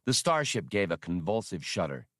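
A man narrating an audiobook with an expressive, lively reading. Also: low voice, normal speed, dry recording, studio quality.

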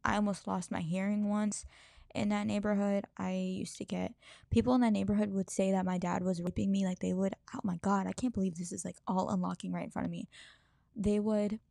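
A woman shares her life story on her own podcast in a frank, loose way, cursing casually and circling back mid-sentence. Her voice is warm and mellow with a gravelly texture. The sound is dry and close, with no room around it. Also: medium pitch, little pitch movement, a little fast, dry recording. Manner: candid, swears freely, rambling restarts. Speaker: podcast host. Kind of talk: personal storytelling monologue.

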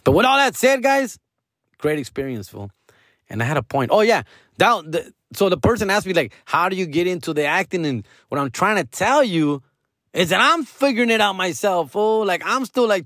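A man's voice: sits high, no echo, clean studio sound. Profane Chicano guy vlogging, slangy. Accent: Chicano, English mixed with Mexican Spanish slang. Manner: slangy, profane, animated, acts out quotes. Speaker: vlogger taking acting classes. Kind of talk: casual monologue to viewers. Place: small dim room with a lamp.

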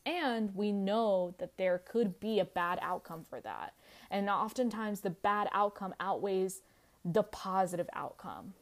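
A woman's voice: mid-range voice, a little mellow. A woman hosting a podcast, talking in a casual, candid monologue, full of "like" fillers, swearing freely and laughing easily. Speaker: podcast host.

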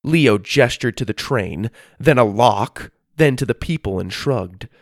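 A man reading a children's story aloud as narrator, in an expressive storytelling manner. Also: medium pitch, a little slow, no echo, studio quality.

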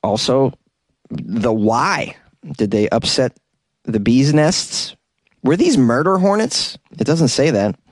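A man's voice: medium pitch, expressive, slow pace, dry recording. Joking man hosting a news podcast. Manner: joking, chatty, wry asides. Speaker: podcast host.

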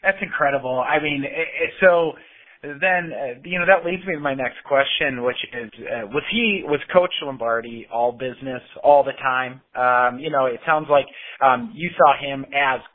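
A man's voice: medium pitch, normal speed. A male host asking long, eager questions with many fillers. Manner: enthusiastic, wordy, many fillers. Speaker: podcast host. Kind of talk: interview questions. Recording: tinny phone line.

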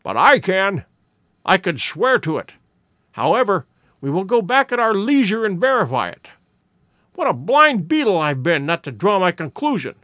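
A man doing a keen excitable detective. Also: high voice, no room sound, clean studio sound, heavily acted. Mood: excited, insistent. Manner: brisk, emphatic deductions. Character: keen eager male detective, sharp, excitable. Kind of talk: dramatic audiobook reading.

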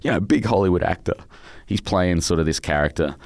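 Middle-aged Australian man, very low voice, dry close sound, rambling heartfelt storyteller. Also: a little fast, no echo. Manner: rambling, emotional storytelling with many restarts. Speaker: author being interviewed. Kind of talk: casual interview chat.

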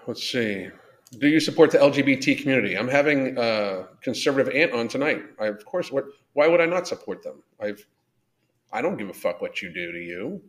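A man's voice: medium pitch, expressive, normal speed. A man hosting a live podcast, ranting bluntly and swearing a lot while reading out viewer comments. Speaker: podcast host. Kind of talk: live-stream rant reading chat.

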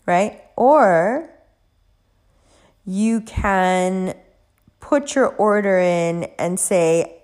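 Animated woman telling a motivational story. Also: mid-range voice, drawn-out words, long pauses. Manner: animated storytelling, casual swearing. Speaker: motivational speaker. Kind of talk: casual motivational talk.

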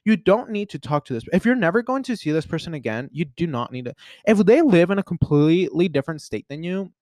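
A man's voice: on the high side, sing-song, quick pace, darkish tone, dry recording. Rambling, playful young man, dry sound. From United States. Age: young adult. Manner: rambling, full of "like" and restarts, playful. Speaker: podcast host. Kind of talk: casual solo chat.

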